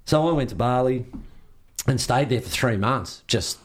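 An interviewed older Australian surfer swaps casual, rambling stories of surf trips, laid-back and sweary, acting out the dialogue. His voice is mid-range and his pace moderate.

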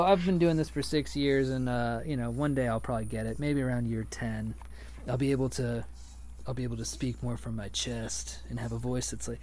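A man's voice: mid-range voice, steady tone, fairly quick, darkish tone, slight background noise. A man hosting a casual podcast, talking in a loose, rambling way and swearing freely. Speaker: podcast host.

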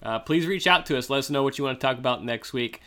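A man's voice: medium pitch, fast, pushed and bright. A man co-hosting a racing podcast, chatting casually and rambling with plenty of filler. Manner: rambling, lots of uh and I guess. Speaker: podcast co-host. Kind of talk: casual chat.

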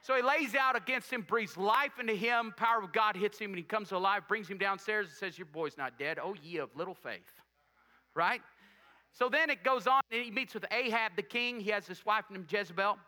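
A man's voice: high voice, a little fast, pushed and bright, long reverb tail. A male preacher delivering a sermon, asking the congregation rhetorical questions and making joking asides.

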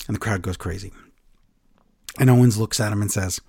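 A man co-hosting a casual podcast, retelling events with animated storytelling. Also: lowish voice, fairly quick, creaky, long pauses, slightly rough, no room sound, clean studio sound. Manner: animated storyteller, acts out quotes. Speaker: podcast co-host recapping wrestling. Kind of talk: casual chat.

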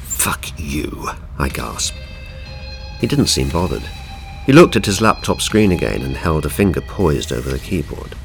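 A man narrating a first-person audiobook in a measured, steady way. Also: extremely low pitch, creaky, soft background music.

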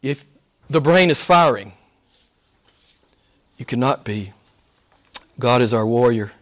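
A man preaching a sermon to a live congregation, exhorting with rhetorical questions and dropping to hushed whispers before rising to fervent shouts. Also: medium pitch, lively intonation, takes it slowly, pauses often.

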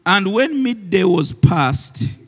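A man's voice: high-pitched, sing-song, takes it slowly, breathy edge. A man, a pastor preaching a sermon who laughs often and mixes in Luganda phrases. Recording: long reverb of a large hall.

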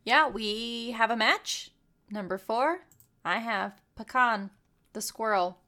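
A woman's voice: on the high side, slow pace. A woman co-hosting a casual chat, rambling and swearing as she tells stories. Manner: rambling, profane, animated storytelling.

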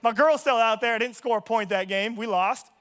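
A young male pastor with a strikingly high voice preaches in a loose, conversational way. He jokes with the congregation and moves from personal stories into the sermon's message. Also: brisk, a bit bright, clean tone. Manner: casual, joking, conversational. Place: church service.

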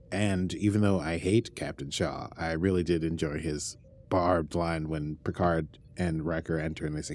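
A man's voice: fairly even intonation, moderate pace, darkish tone. A man co-hosting a casual podcast, chatting playfully with big swings in his voice. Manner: playful, wide swings in pitch. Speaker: podcast co-host.

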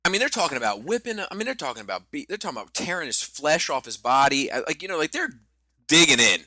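A man in his thirties co-hosting a podcast, telling a family story with animated delivery, cursing and restarting phrases. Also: on the high side, fast talker, no room sound. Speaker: podcast co-host. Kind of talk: casual podcast chat.

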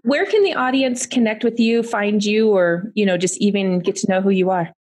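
A woman's voice: mid-range voice, normal speed, a little hiss or hum. Casting: woman podcast host, encouraging, easygoing, on a video call. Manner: warm encouraging, thanks the guest. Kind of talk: casual interview.

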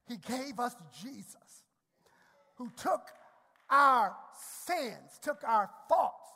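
Preaching man in a reverberant church. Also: very high-pitched. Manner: preaching with shouted climaxes and repeated words. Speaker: pastor. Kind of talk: sermon. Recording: long hall reverb.

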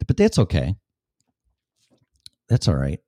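A man hosts his own talk show and answers the chat room in a blunt, sarcastic way, swearing freely. His voice sits very low and mellow. The sound is close and dry. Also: wildly swooping pitch, slow pace, no echo. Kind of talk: casual solo show, reading chat aloud.

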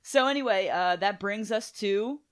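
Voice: mid-range voice, moderate pace, clear, resonant tone. Podcast host retelling a comic. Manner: retells scenes with voices, swears casually. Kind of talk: casual chat about a comic book.

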